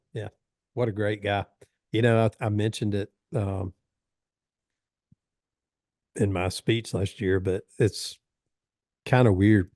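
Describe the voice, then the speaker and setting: Middle-aged male podcast guest: low, warm, chuckling storyteller, dry close sound. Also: no room sound. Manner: chuckling, rambling anecdotes. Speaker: podcast guest, fire service training advisor. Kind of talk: casual storytelling chat.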